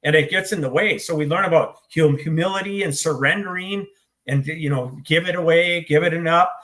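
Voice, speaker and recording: A middle-aged American man, an author in recovery, tells his own recovery story as an interview guest, sounding choked up. He's blunt, swearing, and self-deprecating, with a voice on the high side that's a little fast and fairly bright.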